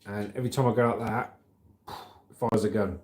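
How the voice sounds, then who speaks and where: A man's voice: lowish voice, fairly even intonation, fairly quick, a little mellow. Jokey English livestream host, a man. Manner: jokey, chatty, laughs often. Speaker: livestream host reading chat. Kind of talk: casual chat.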